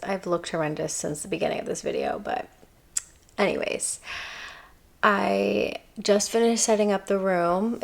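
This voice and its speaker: A young woman vlogging from her apartment, talking softly and haltingly, tearful and reflective, with many pauses. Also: medium pitch, creaky. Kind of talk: emotional personal vlog. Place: apartment bedroom, indoors.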